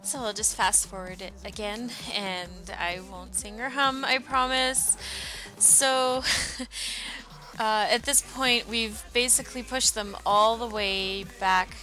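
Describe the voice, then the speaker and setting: A woman's voice: medium pitch, steady tone, slow pace, sharp tone, soft background music. A woman giving a casual, chatty voice-over of her gameplay footage, with frequent ums and uhs. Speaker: gamer narrating her match footage.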